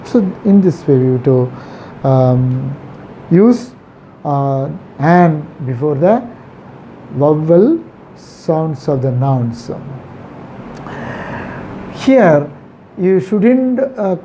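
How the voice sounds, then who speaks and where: A man teaching a grammar lesson, talking slowly and repeating the key words to stress them. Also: fairly high pitch, sing-song, warm tone. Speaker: English teacher. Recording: slightly dull recording with faint traffic behind.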